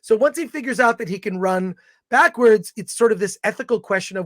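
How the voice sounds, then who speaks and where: A man's voice: high voice, expressive, a little fast, fairly bright tone, no room sound, clean studio sound. A man co-hosting a casual film review chat, opinionated and blunt, rambling through his thoughts.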